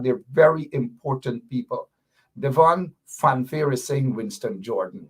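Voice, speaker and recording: A man's voice: mid-range voice, husky. A man hosting a live talk show, playfully teasing viewers as he reads their comments aloud.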